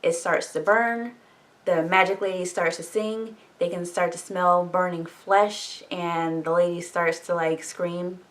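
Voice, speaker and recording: A woman's voice: fairly low pitch, fairly even intonation, a little slow. A woman talking casually as she recaps and reviews a book, full of fillers, jokey asides and swearing. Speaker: book vlogger.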